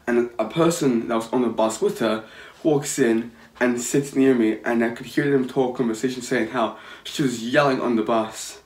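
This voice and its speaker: A man's voice: medium pitch, moderate pace. A young man telling a story casually, rambling and swearing with frequent restarts. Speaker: vlogger. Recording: echoey room.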